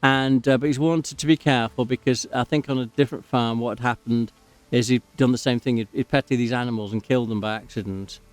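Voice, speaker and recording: A man's voice: medium pitch, fairly even intonation, fairly quick, soft background music. A man rambling and drifting off topic while giving casual commentary as he plays a game. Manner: rambling, digressive, easily sidetracked. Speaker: gaming channel host.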